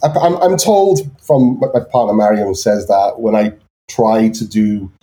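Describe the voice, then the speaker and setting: Guest: man, anglicized North Welsh accent, warm mellow tone, halting delivery with lots of fillers. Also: on the low side. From Wales. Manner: hesitant, many ums and restarts. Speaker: guest artist. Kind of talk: casual chat.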